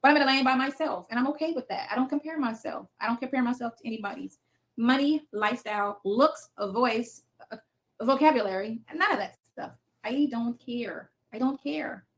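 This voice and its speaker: A woman's voice: a little high, a little fast. Blunt, foul-mouthed woman in her fifties. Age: 50s. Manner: blunt, profane, defiant. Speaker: livestream host. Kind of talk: casual livestream chat reading comments. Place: home basement.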